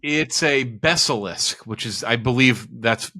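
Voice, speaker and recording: A man's voice: mid-range voice, pushed and bright, no room sound, clean studio sound. A man co-hosting a movie podcast, talking eagerly with many restarts. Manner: enthusiastic, halting, restarts often. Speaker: podcast co-host. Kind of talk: casual chat.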